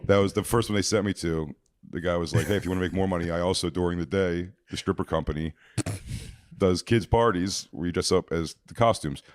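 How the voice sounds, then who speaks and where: A man's voice: low-pitched, fairly quick. A man telling a rambling comic story on a podcast, acting out the people in it. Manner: rambling, animated, acts out voices in stories. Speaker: podcast guest. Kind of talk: comedic storytelling.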